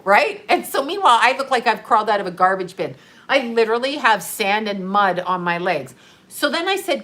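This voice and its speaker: A middle-aged woman telling a story in a casual livestream, animated and profane, laughing often. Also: mid-range voice, normal speed. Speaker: live streamer.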